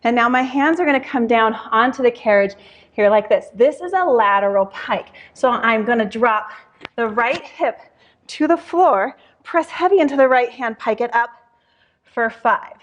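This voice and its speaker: A woman's voice: on the high side, normal speed, dull audio. A young adult woman instructor talking through a Pilates workout while doing it, out of breath, counting reps with sighs between them.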